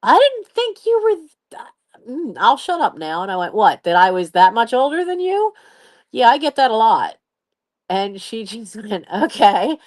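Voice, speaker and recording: Lively woman in her late fifties. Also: mid-range voice, moderate pace. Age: 50s. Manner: animated, laughs often, acts out others' voices. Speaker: channel host. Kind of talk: casual live-stream storytelling.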